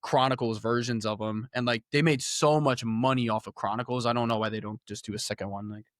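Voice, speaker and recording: A young man chatting on a podcast about video games, with a mid-range voice that is loose, animated and full of slang. The sound is dry and close to the mic, with no room in it. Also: mid-range voice, fairly quick, no room sound. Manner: slangy, animated gamer talk. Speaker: podcast co-host. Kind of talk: casual chat.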